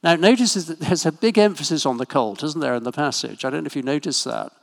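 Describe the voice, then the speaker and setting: A man preaching a sermon in a church, talking in a relaxed, conversational way with asides and small jokes. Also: fairly high pitch, quick pace, creaky. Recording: long hall reverb.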